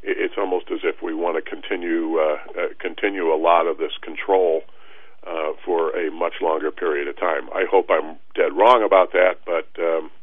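A man calls in to a radio show as a guest, speaking hesitantly with lots of fillers and pauses. His voice sits very deep. He comes through a thin, tinny phone line with a dry sound. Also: steady tone, dry recording. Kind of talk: casual radio talk.

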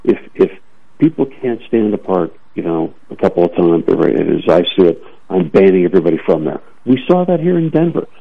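A man's voice: low voice, big pitch swings, fairly quick, vocal fry. A man giving emphatic, opinionated commentary on talk radio, often repeating words as he starts a thought, heard over a tinny phone-like line.

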